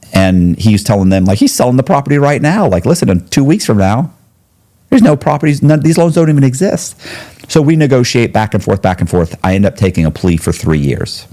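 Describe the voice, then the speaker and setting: A man, a podcast guest, telling his story in conversation, quick restarts and quoted dialogue. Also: low voice, dark tone.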